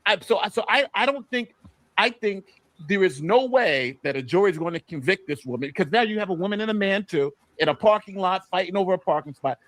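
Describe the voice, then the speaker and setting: Brisk and expressive, this high-pitched, slightly bright New Yorker hosts a casual panel, making an argumentative case one point at a time. The recording is dry.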